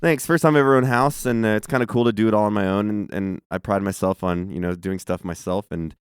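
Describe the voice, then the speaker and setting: A man's voice: fairly low pitch, quick pace, clear, resonant tone, no echo, studio quality. A man in his thirties on a podcast, telling a story casually, with lots of swearing and laughter. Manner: profane storytelling, laughs often. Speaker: podcast co-host. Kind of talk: casual chat.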